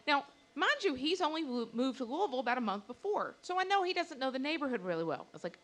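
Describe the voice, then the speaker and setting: A woman telling a personal story on stage to a live audience, animated and acting out the lines she quotes. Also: high voice, fast, hardly any pauses.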